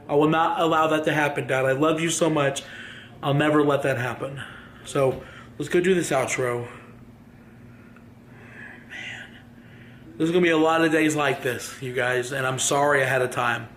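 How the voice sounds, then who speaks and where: A grieving man talking to his viewers in a halting, heartfelt farewell vlog. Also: on the high side, fairly even intonation, fairly bright tone, slight background noise. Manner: halting, grief-stricken. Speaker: vlogger.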